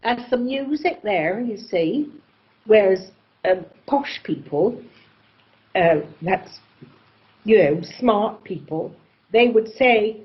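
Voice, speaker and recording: Brief: expressive English actress, medium pitch, slightly muffled sound. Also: female voice, slow pace. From England, born in Oxford. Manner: theatrical, expressive, mimics voices freely. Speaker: actress, festival guest. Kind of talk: conversational interview.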